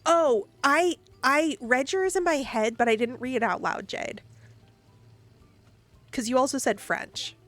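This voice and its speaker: A woman's voice: high voice, measured pace, a bit bright, no room sound, faint music behind. A woman with a Midwestern American accent touched with Southern, chatting casually on a live stream, reading viewer comments and giggling often. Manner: chatty, giggly, thinking aloud.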